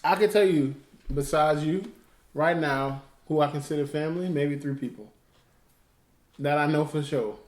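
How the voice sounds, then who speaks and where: A man co-hosting a casual talk show, telling animated stories and acting out what others said. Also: a little high, normal speed, echoey room. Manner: animated storytelling, acting out quotes. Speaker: co-host. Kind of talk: casual chat.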